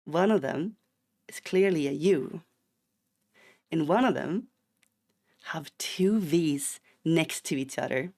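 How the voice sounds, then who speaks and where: Playful Swedish man with a gravelly voice. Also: a little high, slow, pauses often, a little mellow. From Sweden. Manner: playful, rambling, mock-indignant outbursts. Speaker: streamer. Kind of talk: casual chat while gaming.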